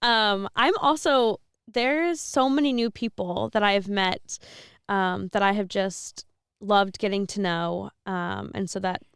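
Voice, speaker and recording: A woman's voice: medium pitch, slow, fairly bright tone, clean tone, dry recording, studio quality. A woman in her twenties, a seminarian co-hosting a podcast, chatting casually with frequent laughs and rambling restarts. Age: 20s.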